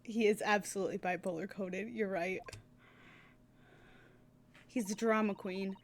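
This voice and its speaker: A woman streamer chatting casually over a game, with excitable, gushing asides. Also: mid-range voice, measured pace, pauses often.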